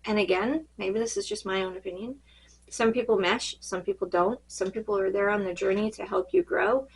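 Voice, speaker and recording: A woman reading cards in a casual spiritual check-in, her voice fading and a little hoarse, rambling and halting with many fillers. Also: medium pitch, poor audio. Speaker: tarot card reader.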